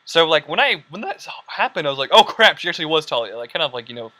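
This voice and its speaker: A young man hosting a casual podcast, rambling excitedly with lots of fillers and quoted lines. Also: on the high side, fast. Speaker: podcast host. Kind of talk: casual chat.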